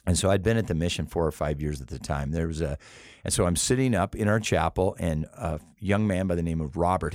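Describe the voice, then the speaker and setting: A man's voice: deep voice, a little mellow, no echo, studio quality. A middle-aged man who leads a rescue mission, telling stories earnestly in an interview with frequent restarts. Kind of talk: interview conversation.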